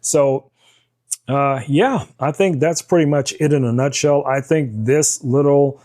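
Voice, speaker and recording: Man, tech reviewer, mellow tone, relaxed, fillers, studio demo. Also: on the high side, unhurried. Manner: relaxed, with frequent "uh" and "um". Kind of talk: casual product demo. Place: home studio.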